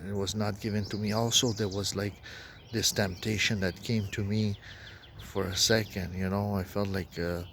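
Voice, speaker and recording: A man with a voice recounting a dream in a rambling, halting way, full of restarts and fillers. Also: fairly low pitch, level tone, gravelly, a bit bright, a little hiss or hum. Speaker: dream narrator. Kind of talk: rambling personal account.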